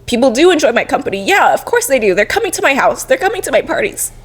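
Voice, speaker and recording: A woman's voice: high-pitched, big pitch swings, fast talker, husky. A young woman co-hosting a podcast, talking openly and emotionally while crying and laughing through tears. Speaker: podcast co-host. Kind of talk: casual heartfelt chat.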